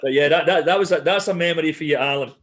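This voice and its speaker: A man's voice: a little high, racing. A middle-aged man hosts a casual chat. He tells stories with plenty of energy and breaks into laughter as he goes. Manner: animated storyteller, laughs often. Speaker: podcast host.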